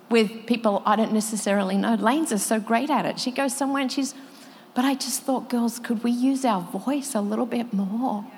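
A woman giving an earnest, reflective devotional talk to a group of women, now and then slipping into soft prayer. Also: fairly high pitch. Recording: long reverb of a hall.

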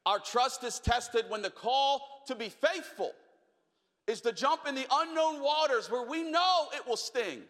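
Young male preacher, high bright voice, animated storytelling, long hall reverb. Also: a little slow. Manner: animated storyteller, acts out voices, drops to quiet questions. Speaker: pastor. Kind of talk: sermon with storytelling. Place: large church hall.

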